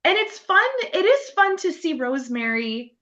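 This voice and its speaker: A woman co-hosting a casual podcast, her voice bright and a touch high, laughing often as she gushes over a TV episode. The recording sounds a little muffled and lo-fi. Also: sing-song, normal speed. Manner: laughs often, enthusiastic, lots of agreeing murmurs. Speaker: podcast co-host. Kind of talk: casual TV episode review chat.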